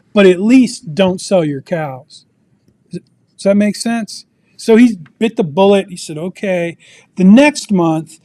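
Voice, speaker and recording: High-voiced man teaching finance with questions. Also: a little mellow, no echo. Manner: asks the audience questions, storytelling. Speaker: personal finance presenter. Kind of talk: interactive teaching talk. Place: video meeting.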